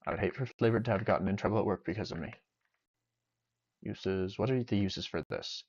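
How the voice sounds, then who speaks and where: Deep voiced young guy streaming games, joking and rambling to himself, kinda muffled. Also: brisk, husky. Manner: rambling, joking self-talk. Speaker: game streamer. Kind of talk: casual gameplay streaming. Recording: dull lo-fi sound.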